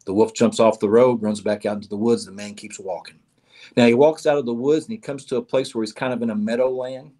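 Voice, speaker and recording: A man's voice: lowish voice, fairly even intonation, fairly quick, darkish tone. A man telling a parable at a church in a folksy way, often repeating his words. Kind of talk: told parable.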